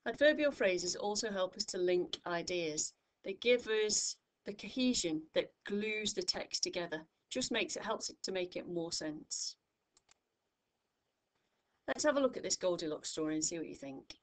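A woman tutor giving a recorded grammar lesson, speaking clearly and patiently, from the United Kingdom, stressing each example phrase. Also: lowish voice, expressive, normal speed. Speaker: English tutor.

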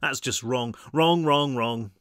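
A man's voice: mid-range voice, takes it slowly, fairly bright tone, no echo, clean studio sound. A man voicing an anxious, wisecracking teenage boy who sounds jokey but desperate.

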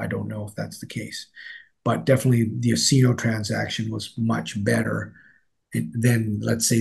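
A man's voice: on the low side, creaky, darkish tone, husky. A man in an interview, speaking as a newsletter editor in a rambling way, with many fillers and restarts. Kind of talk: casual interview talk.

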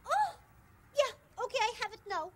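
Theatrical woman with a very high voice. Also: big pitch swings, normal speed, fairly bright tone, slight background noise. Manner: theatrical, dramatic, playfully self-important. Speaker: guest actress. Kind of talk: comic scene on a children's show.

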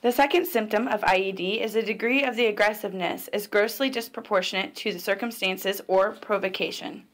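A woman reading a scripted documentary narration in a measured, clinical way. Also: medium pitch.

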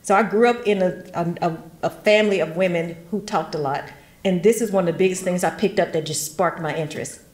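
A woman's voice: fairly low pitch, brisk, a little mellow. A middle-aged woman from West Tennessee, giving a chatty genealogy workshop talk with folksy asides and frequent laughter. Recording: roomy echo.

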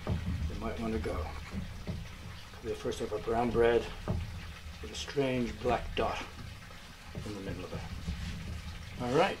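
A man's voice: lowish voice, slow pace, long pauses. Joking man baking, noisy kitchen. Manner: self-mocking, joking asides. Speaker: musician making bread. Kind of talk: casual cooking demonstration. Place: home kitchen. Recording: loud background noise, running water.

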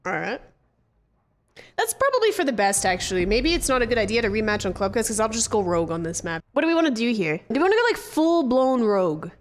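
A woman streaming a shooter game, chatting casually with profane, excitable trash talk. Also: mid-range voice, fast talker, a little hiss or hum. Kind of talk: casual gameplay commentary.

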